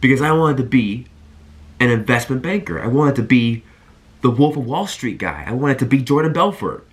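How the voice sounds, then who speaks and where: A man in his twenties talking to camera, giving earnest and animated college advice and telling stories straight to his viewers. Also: mid-range voice, moderate pace. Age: 20s. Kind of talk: energetic talk to camera.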